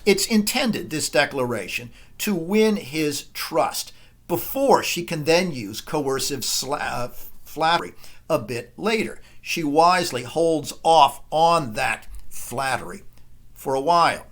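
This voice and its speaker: Man lecturing, slightly high voice. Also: animated, a bit bright. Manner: thoughtful, with frequent uh and um pauses. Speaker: literature lecturer. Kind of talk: recorded lecture.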